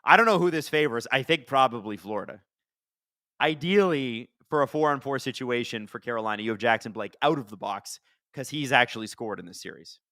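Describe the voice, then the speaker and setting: A man hosting a live watch-along of a hockey game, chatting casually and reacting excitedly to the plays. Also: medium pitch, brisk, no echo, studio quality. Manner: chatty, excitable, swears casually, talks to chat. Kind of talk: casual live-stream commentary.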